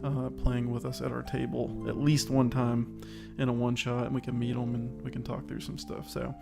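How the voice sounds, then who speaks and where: A podcast co-host on a casual online chat show, this man talks in a creaky, mid-range monotone at normal speed. He rambles in an upbeat, self-aware way and sounds slightly out of breath, with music playing beneath him.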